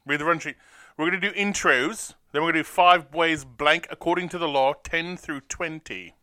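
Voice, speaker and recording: Bright-voiced joking podcast man. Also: on the high side, normal speed. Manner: jokey, mocking put-on voices, crude humor. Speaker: podcast co-host. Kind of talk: casual podcast banter.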